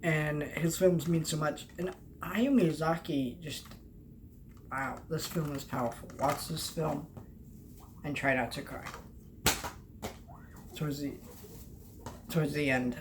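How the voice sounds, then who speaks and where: A young adult film vlogger in casual talk to camera, rambling and halting, often trailing off and restarting, and earnest and heartfelt. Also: medium pitch. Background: faint background noise.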